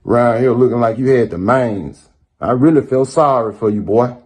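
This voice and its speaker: A man's voice: mid-range voice, moderate pace, darkish tone, husky. A man making a sarcastic, mocking callout. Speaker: rapper responding in a clip.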